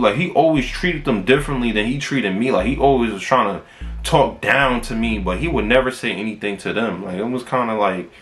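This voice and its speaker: A man's voice: mid-range voice, fairly bright tone. A young man in his late teens telling a casual, profane storytime vlog about his own life. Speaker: vlogger.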